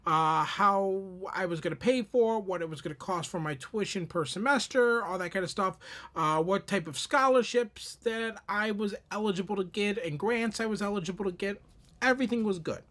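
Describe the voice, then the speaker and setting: A young man telling a personal story to camera, animated and expressive with many repeated words. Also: high voice, normal speed. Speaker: streamer telling his own story.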